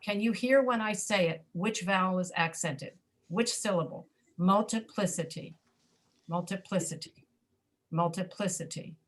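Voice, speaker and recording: A woman with an American accent leads an online pronunciation lesson. She says example words again and again, slowing down to model stressed and reduced syllables. Her manner is patient and encouraging. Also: medium pitch. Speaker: pronunciation teacher. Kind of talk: online English class teaching.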